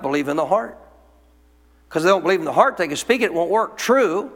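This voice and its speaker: A man with a high voice preaches emphatically, firing rhetorical questions at his congregation. His sermon rings out with a long reverb from a large church hall. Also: expressive, fast, a bit bright. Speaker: pastor.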